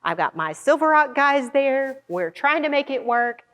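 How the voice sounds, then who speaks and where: A woman's voice: sits high, moderate pace. Woman telling a story in a long-echo hall. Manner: animated, acts out quoted lines. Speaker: conference organizer. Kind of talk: storytelling talk.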